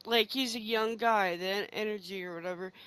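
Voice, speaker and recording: A woman's voice: medium pitch, steady tone, fairly quick, fairly bright tone, smooth, poor audio. A middle-aged woman streaming a game from her home game room, telling a long story in a heated, profane, rambling way. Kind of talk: casual storytelling chat while gaming.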